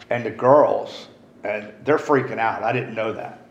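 This middle-aged man talks unhurriedly in a lowish voice, sharing at a recovery meeting. He's candid and rambling, dropping swear words casually. The recording is roomy and dull with faint hiss.

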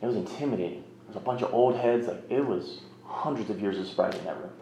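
A man in his thirties with a fairly low voice tells his story frankly, rambling along and poking fun at himself. The sound is roomy and a little muffled, with faint background noise. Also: fast, gravelly, warm tone. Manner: rambling, frank, self-mocking. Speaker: speaker sharing a recovery story. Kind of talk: candid personal storytelling. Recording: roomy, slightly muffled recording.

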